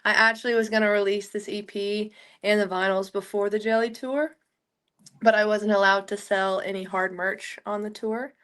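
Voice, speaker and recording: A woman's voice: medium pitch, fairly even intonation, normal speed, fairly bright tone. A young woman from Oklahoma, a country singer, chatting casually in an interview and telling rambling stories full of "like.". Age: young adult. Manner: chatty, rambling storyteller with many "like" fillers.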